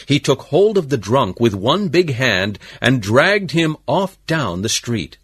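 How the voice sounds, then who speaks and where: A man reading a story aloud as narrator, very expressive. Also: mid-range voice, slow pace, slightly rough, no echo, clean studio sound.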